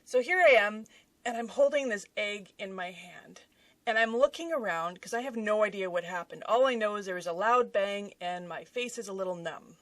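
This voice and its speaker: Animated woman telling a story, slightly off-mic. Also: medium pitch, normal speed, no room sound, distant mic. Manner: animated, dramatic storytelling with big swings in loudness. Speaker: author and YouTuber. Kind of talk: casual storytelling vlog. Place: home, at her desk.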